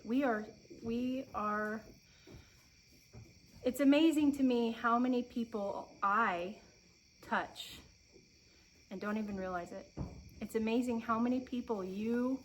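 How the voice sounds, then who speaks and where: A woman in her thirties sits outside on her farm and talks openly to her viewers. She is emotional and close to tears, but stays earnest and encouraging, pausing and starting over as she goes. Crickets and insects sound faintly in the background. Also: mid-range voice, low-quality recording. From Oregon. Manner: earnest, encouraging, pauses and restarts often. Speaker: homestead vlogger. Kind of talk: heartfelt sit-down chat to camera. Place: outdoors on a farm. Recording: faint outdoor insect noise.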